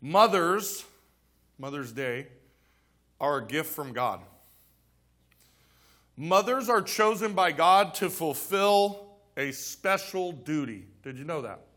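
A man's voice: a little high, expressive, slow pace, long pauses, sharp tone. A male pastor preaching a casual, joking sermon in church, acting out little scenes as he goes.

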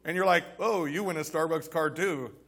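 A man's voice: fairly high pitch, normal speed, vocal fry, a bit bright. A male pastor preaching a casual, joking sermon in church, acting out little scenes as he goes.

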